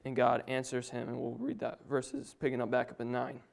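A man's voice: medium pitch, flat delivery, fairly quick, creaky. Nervous young man preaching casually. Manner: nervous, chuckling, casual asides. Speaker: young preacher giving a family Bible talk. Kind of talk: informal sermon.

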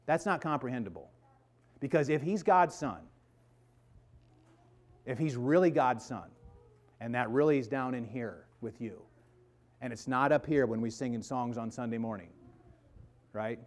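A man's voice: animated, moderate pace, darkish tone. A man preaching a sermon, earnest and emphatic, mixing casual asides with urgent peaks. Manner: earnest and emphatic, rising to urgent peaks then dropping low; conversational asides with restarts. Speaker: pastor.

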